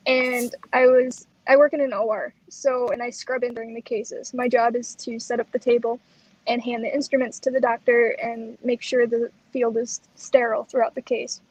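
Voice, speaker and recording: A woman co-hosting a chat show, telling a personal story in a lively way and acting out the lines she quotes. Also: a little high, moderate pace, husky, no room sound, rough recording. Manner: animated, acts out quoted lines. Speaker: co-host.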